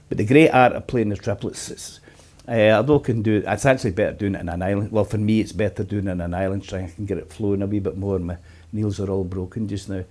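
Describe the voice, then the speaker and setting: A middle-aged man teaches guitar from his apartment in a loose, rambling way, counting out beats as he goes. His voice sits a little low and sounds mellow and relaxed. Soft guitar playing is heard behind him. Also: fast talker. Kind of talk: casual guitar lesson.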